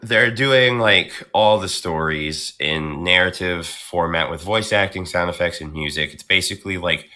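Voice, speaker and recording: A male voice actor chatting casually on a podcast, telling stories about his roles with animated energy and a touch of New York accent. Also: deep voice, normal speed, hardly any pauses. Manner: animated storyteller, slips into character voices.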